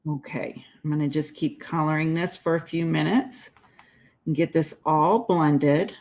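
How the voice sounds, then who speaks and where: A woman's voice: sits low, steady tone, measured pace, darkish tone, poor audio. A woman giving a casual crafting tutorial, chatting as she works and laughing at her own slips. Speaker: card-making demonstrator.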